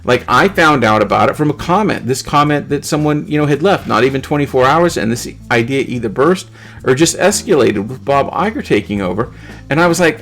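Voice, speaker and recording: Gravelly-voiced man chatting about comments. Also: medium pitch, expressive, fairly quick, fairly bright tone. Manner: rambling, self-correcting, good-humored. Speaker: YouTube channel host. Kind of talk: casual talk to camera, reading viewer comments.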